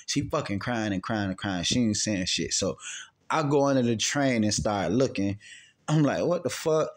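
Man, casual storytelling, swearing, rambling, loud then quiet. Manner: profane, rambling, swings from loud outbursts to low quiet recounting. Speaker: channel host answering questions.

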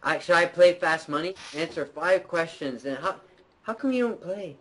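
Young man, host, casual game chat, goofy and excitable, lively pitch, slightly high voice. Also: normal speed, poor audio. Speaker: channel host.

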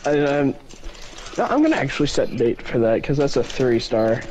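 Halting man chatting over a game. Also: medium pitch, big pitch swings, darkish tone. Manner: halting, stumbles over words. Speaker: gamer. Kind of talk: casual gaming chat.

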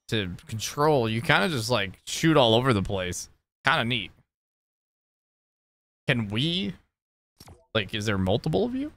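A man's voice: medium pitch, bright, forceful tone. A man from New Jersey chatting playfully while streaming a video game. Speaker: gaming streamer. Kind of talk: casual live-stream commentary.

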